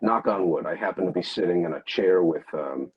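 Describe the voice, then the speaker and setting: A man with a very low, husky voice talks casually about his work as an audiobook narrator. He often stops to restart his sentences and fills the pauses with "um" and "uh". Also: lo-fi sound. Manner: halting, many fillers and restarts. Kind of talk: casual interview answers.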